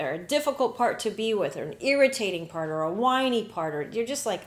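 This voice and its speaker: A woman's voice: mid-range voice, animated, moderate pace, few pauses. A woman hosting a spiritual podcast, talking in an earnest, reflective way and often slipping into quoted inner dialogue. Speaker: podcast host. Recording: roomy echo.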